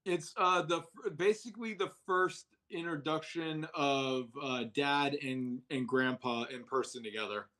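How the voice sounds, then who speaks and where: Animated high-voiced guy chatting movies. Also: measured pace, hardly any pauses. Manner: animated, acts out quotes with jumps in pitch. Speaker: podcast co-host. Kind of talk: casual movie discussion.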